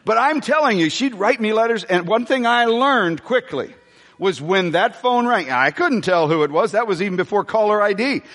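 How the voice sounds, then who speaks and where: A middle-aged man preaching a sermon in a church, animated and jokey, with sudden shouts. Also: sits high, normal speed, big-room sound. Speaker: pastor. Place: church hall.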